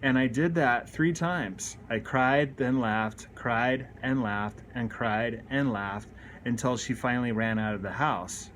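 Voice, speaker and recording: Earnest male recovery speaker in his thirties, confessional and unpolished, restarting his sentences, middle pitch. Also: fairly even intonation, measured pace, a bit bright, slight background noise. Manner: candid and earnest, with frequent restarts. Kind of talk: personal confessional story.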